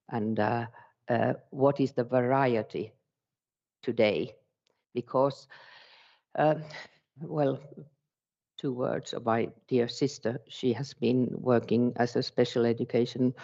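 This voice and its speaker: Finnish-accented male presenter, hesitant non-native English, warm low tone, dull recording. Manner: halting, searching for words in a second language. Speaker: education speaker. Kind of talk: conference presentation.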